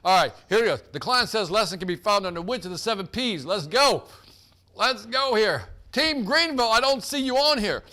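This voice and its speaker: High, bright-voiced man hosting a quiz. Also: lively intonation, normal speed. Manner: hyped, joking, calls out players by name. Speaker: host of a sales team quiz. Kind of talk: energetic live quiz hosting.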